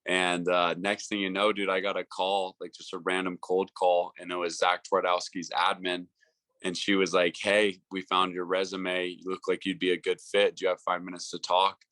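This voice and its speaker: A man's voice: low-pitched, completely flat delivery, normal speed, fairly bright tone, no echo. A man in his twenties, a guest telling his story in a chatty way, using "like" often and acting out old conversations. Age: 20s. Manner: chatty, says "like" a lot, acts out past dialogue. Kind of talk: casual storytelling interview.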